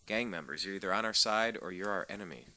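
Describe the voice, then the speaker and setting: A man's voice: sits low, fast talker, pushed and bright, dry recording. A man hosting a political talk radio show, delivering a sarcastic, ranting monologue and stumbling over repeated words as he gets fired up.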